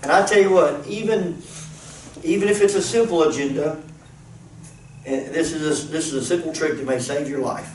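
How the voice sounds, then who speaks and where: Pastor guy talking earnest and casual, bit high voice, far off mic, roomy echo. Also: moderate pace, long pauses. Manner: earnest, repeats himself as he thinks. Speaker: pastor leading a planning discussion. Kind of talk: casual teaching talk. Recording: roomy, distant mic, faint noise.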